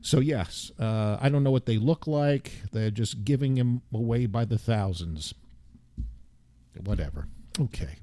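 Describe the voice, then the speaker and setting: A man's voice: mid-range voice, measured pace, dark tone, no echo. Wry, rambling male show host. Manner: wry, self-deprecating, meandering asides. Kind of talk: casual rambling monologue.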